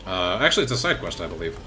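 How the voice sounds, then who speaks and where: A man hosting a game stream, talking excitably and rambling with frequent laughs. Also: sits low, a little fast, crowd noise. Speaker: streamer host. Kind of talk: casual game-stream chat.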